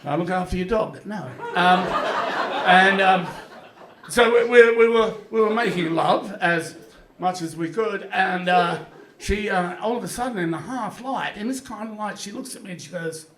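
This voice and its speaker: A man's voice: high-pitched, moderate pace, a crowd in the background. A man in his fifties with an Australian accent doing live stand-up, rambling, crude and self-mocking, with lots of fillers and restarts. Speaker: stand-up comedian. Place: comedy club stage, audience laughing.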